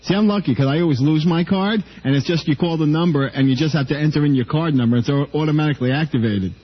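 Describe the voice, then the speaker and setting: A man's voice: fairly high pitch, quick pace. A man on a radio show giving matter-of-fact advice in casual banter. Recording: dull lo-fi radio broadcast.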